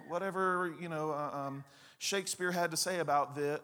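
A man preaching a sermon, telling a personal story with lively, acted-out scenes and asides to the congregation. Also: sits high, normal speed. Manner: animated storyteller, acts out scenes and quotes. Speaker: pastor.

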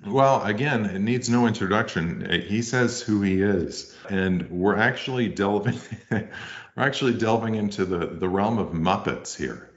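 Deep-voiced man hosting a podcast. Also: normal speed. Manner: hesitant, faux-grand introductions with fillers. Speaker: podcast co-host. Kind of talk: deadpan comedy bit. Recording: slightly muffled lo-fi audio.

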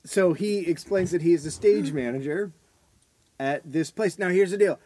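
A man's voice: high-pitched, normal speed, dark tone. A man hosting a podcast, telling crude stories in casual comedy chat. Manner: crude, rambling storyteller. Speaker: podcast host.

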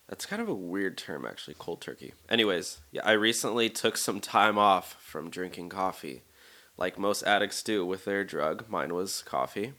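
A man's voice: low voice, bright, forceful tone. A young man in his twenties hosting a casual solo podcast, rambling and self-deprecating with lots of fillers. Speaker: podcast host.

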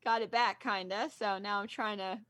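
A woman co-hosting a podcast in casual chat, animated and chatty, laughing often. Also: mid-range voice, moderate pace. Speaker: podcast co-host.

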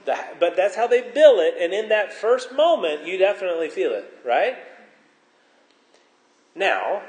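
Middle-aged male pastor, animated sermon, higher voice with wide swings, roomy church sound. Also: brisk. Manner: animated, joking, rhetorical questions. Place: church hall. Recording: echoey church hall.

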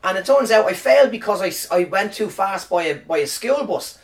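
A man's voice: high voice, animated, brisk, distant mic. A man telling a rambling, profane, self-deprecating story as a podcast host, recorded on a phone camera. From Ireland. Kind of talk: casual storytelling monologue.

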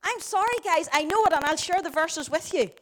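A woman's voice: very high-pitched, lively intonation, fairly quick. A middle-aged woman with a Northern Irish accent preaching a sermon, emphatic and full of rhetorical questions to the congregation.

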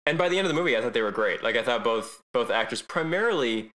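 A man's voice: mid-range voice, expressive, quick pace, pushed and bright. A man giving his opinions in a casual movie podcast, often stammering and restarting sentences. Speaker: podcast co-host.

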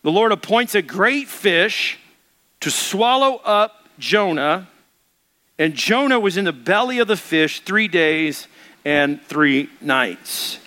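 A middle-aged man preaching a sermon, animated and acting out the Bible story in little voices. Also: high-pitched, slow. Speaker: pastor.

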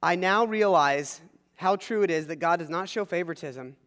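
A man preaching a sermon as pastor, retelling a story in an animated way and acting out the voices of the people in it. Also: high voice, moderate pace, big-room sound.

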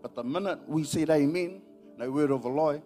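A man's voice: on the high side, fairly quick, dark tone. Man, New Zealand accent, church testimony, laid-back storytelling, faint music underneath. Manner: casual, storytelling, laughs often. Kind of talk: personal testimony. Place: church service.

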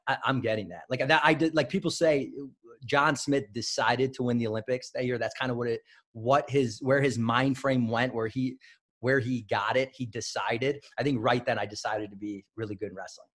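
A man's voice: medium pitch, fairly even intonation, brisk, fairly bright tone. A man in his thirties from Illinois, a former wrestler, telling stories as a guest in a casual interview, with many fillers and restarts. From Highland Park, Illinois.

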